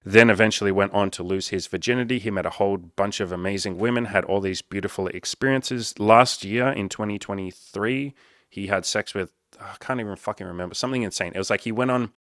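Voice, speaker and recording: A low-voiced man talks briskly to camera, candidly sharing a personal story; he's a dating and self-improvement coach. He's casual, profane and self-mocking, quoting people in lively voices, and the recording is studio quality with no echo.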